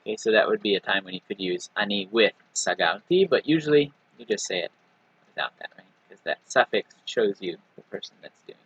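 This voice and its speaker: A man teaching a recorded language lesson, patiently explaining and repeating example words slowly with frequent "right?" and "okay.". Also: fairly low pitch, animated, fairly bright tone, slightly rough, no room sound, highs cut off. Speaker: Hebrew teacher.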